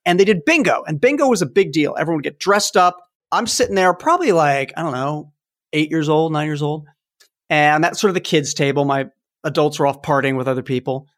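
A man in his fifties hosting a podcast, telling childhood stories in a casual, animated way. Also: fairly high pitch, brisk. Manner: animated storytelling, acts out toy sounds. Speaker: podcast host. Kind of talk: casual chat.

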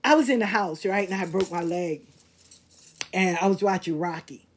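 An older woman tells casual, animated stories, blunt, profane and laughing at herself. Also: on the low side, moderate pace, a little hiss or hum. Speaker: host. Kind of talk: casual storytelling monologue.

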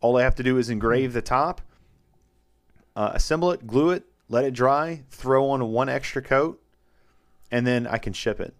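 A man's voice: mid-range voice, moderate pace, clean tone. A man co-hosting a podcast, explaining his woodworking process in a rambling, repetitive way. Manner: rambling, repeats words when explaining. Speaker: podcast co-host. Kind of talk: casual chat.

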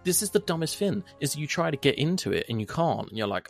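A man co-hosting a podcast in casual chat, swearing freely and retelling events with animated energy. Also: on the high side, fast, creaky, soft background music. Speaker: podcast co-host.

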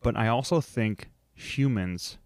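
A man's voice: on the low side, slow pace, dry recording. A man co-hosting a podcast, chatting casually and playfully with his wife, rambling and laughing often. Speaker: podcast co-host. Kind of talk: casual chat.

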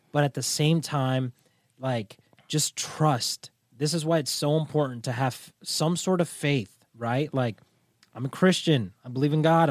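A young man co-hosting a casual podcast, animated and laughing often, calling his co-host bro. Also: medium pitch, dry recording, clean studio sound.

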